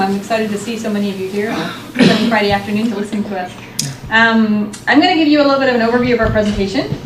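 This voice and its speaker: Woman researcher presenting at a seminar, upbeat, lots of ums, distant roomy sound. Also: medium pitch. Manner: upbeat, with frequent um fillers and restarts. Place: seminar room. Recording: roomy hall, distant mic, faint noise.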